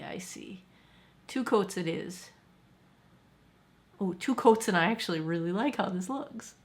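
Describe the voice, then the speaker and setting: A woman in her forties doing a candid, self-deprecating makeup chat as a beauty vlogger, filmed at home. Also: mid-range voice. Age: 40s. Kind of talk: get-ready-with-me makeup chat.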